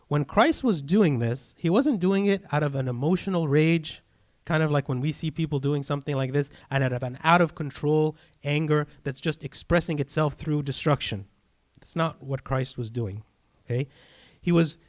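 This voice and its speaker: A man's voice: a little high, normal speed, a little mellow. A man, a priest, giving an earnest sermon and checking in often with "right?" and "okay?".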